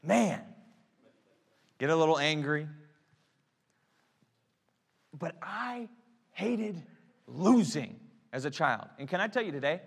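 A man preaching a sermon, swinging from hushed, quiet prayer to loud, emphatic exhortation. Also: fairly high pitch, animated, measured pace, creaky, pauses often, husky. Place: church sanctuary. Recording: long church reverb.

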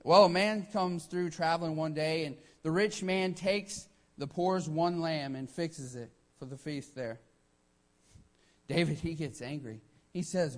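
Guy preaching a sermon, slightly high voice, punchy and emphatic, keeps saying hey. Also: a little slow. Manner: emphatic, often opens lines with "hey", acts out quotes.

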